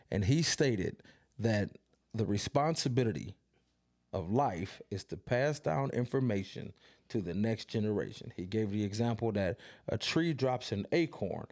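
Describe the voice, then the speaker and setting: A man's voice: medium pitch, a little mellow. A man co-hosting a podcast, talking in a casual, thoughtful way and often restarting sentences as he searches for words. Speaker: podcast co-host. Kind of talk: casual chat.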